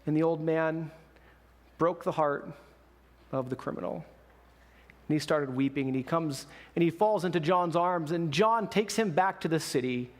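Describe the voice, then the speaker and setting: A male pastor giving a sermon, telling a story in a lively way and acting out the people in it. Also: on the high side, moderate pace. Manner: lively storytelling with quoted voices. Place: church sanctuary. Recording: echoey church hall.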